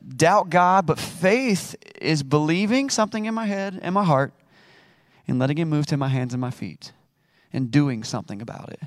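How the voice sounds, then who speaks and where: Higher-voiced man preaching casually. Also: no room sound, clean studio sound. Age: adult, married. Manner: conversational, acts out quotes with playful asides. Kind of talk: casual sermon.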